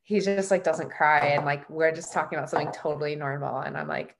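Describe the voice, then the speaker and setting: A woman's voice: sits low, fairly even intonation, quick pace, gravelly, hardly any pauses, a little hiss or hum. A woman hosting a podcast in a casual, chatty way, full of fillers and self-deprecating laughs. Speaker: podcast host.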